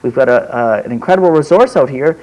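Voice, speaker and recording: A man's voice: mid-range voice, animated, fast, darkish tone, rough recording. A man speaks as a committee member on a talk-show panel. His voice sits in the middle range. He sounds earnest and hesitates with fillers as he goes. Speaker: member of Parliament on fisheries committee. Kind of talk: panel discussion.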